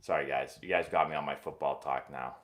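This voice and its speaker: A young man hosting a casual live stream, answering viewer questions in a rambling, animated sports-fan way. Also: extremely low pitch, brisk. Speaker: host of a live baseball Q&A stream.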